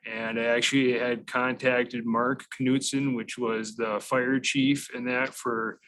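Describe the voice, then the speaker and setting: A man's voice: mid-range voice, little pitch movement, slow, a bit bright, rough recording. A man on county staff explaining an address change to a committee in a methodical way, with frequent fillers and restarts. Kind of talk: public meeting explanation.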